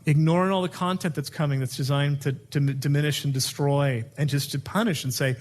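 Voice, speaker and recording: A man giving a teaching talk on communication skills, an animated storyteller who acts out dialogue. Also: on the high side, brisk, hardly any pauses. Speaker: speaker teaching communication skills to youth workers.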